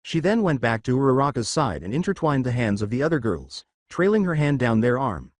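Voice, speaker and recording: A man narrating a fan fiction story aloud in a steady storytelling manner. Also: medium pitch, fairly quick, few pauses, no room sound.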